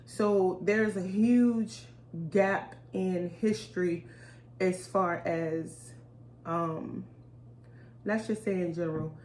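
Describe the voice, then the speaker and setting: A woman co-hosting a casual comedy chat, telling stories and acting out kids' voices. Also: lowish voice. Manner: animated storyteller, acts out kids' voices. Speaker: podcast co-host. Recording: roomy echo, faint room noise.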